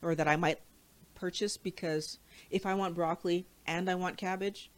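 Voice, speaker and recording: A woman talking casually as co-host, chatty and quick to laugh at herself. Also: fairly low pitch, fairly even intonation. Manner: chatty, laughs easily, self-correcting. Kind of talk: casual chat.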